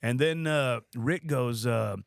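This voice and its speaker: A man's voice: medium pitch, slow pace, gravelly, no room sound, studio quality. Profane laughing male storyteller. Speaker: podcast co-host. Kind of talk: casual storytelling.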